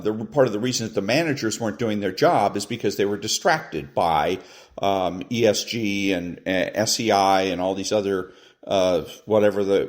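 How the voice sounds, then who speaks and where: A middle-aged man hosting a podcast, giving casual political commentary on clips he plays, rambling with many fillers and restarts. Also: fairly low pitch. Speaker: podcast host.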